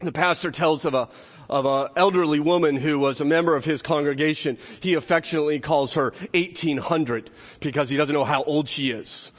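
Man preaching a sermon, fairly high voice, stops and restarts a lot, big echoey church hall. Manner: earnest preaching with frequent restarts and rhetorical asides. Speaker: pastor. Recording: long hall reverb.

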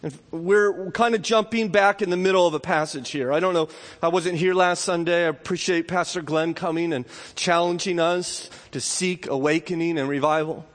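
A man giving an earnest sermon as a pastor, his voice dropping low and soft and then rising high and loud. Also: fairly even intonation, normal speed, hardly any pauses. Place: church sanctuary. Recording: long hall reverb.

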